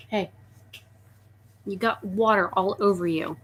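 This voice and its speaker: A woman chatting casually on a live stream while hushing and soothing a restless pet snake, describing it with lots of "like.". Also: fairly high pitch, animated, a little slow. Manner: hushes and soothes a pet snake in soft murmurs. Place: at home at her desk.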